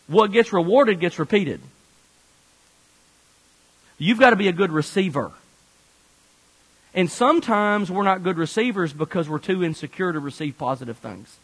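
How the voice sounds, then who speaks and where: A married male pastor gives a lively, conversational sermon with a fairly high voice. His words carry a long, ringing reverb from a large church hall. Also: moderate pace, pauses often. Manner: animated, conversational preaching.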